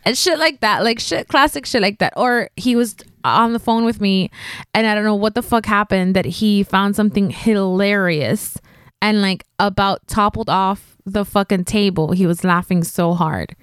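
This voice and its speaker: Smooth-voiced woman telling a story. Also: medium pitch, normal speed, no room sound, studio quality. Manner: chatty storytelling, laughs often, swears. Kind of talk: casual chat.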